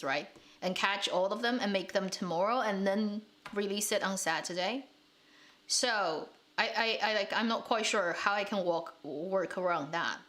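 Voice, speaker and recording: A woman's voice: mid-range voice, fairly bright tone. Chatty woman hosting a live stream. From China. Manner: chatty, laughs often, many restarts. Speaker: drama channel host. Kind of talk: casual live-stream chat reading comments.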